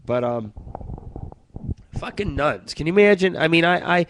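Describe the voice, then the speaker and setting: A man's voice: a little high, expressive, normal speed, a little hiss or hum, rough recording. A man hosting his own radio show, telling stories and jokes in a profane, rambling, boastful monologue.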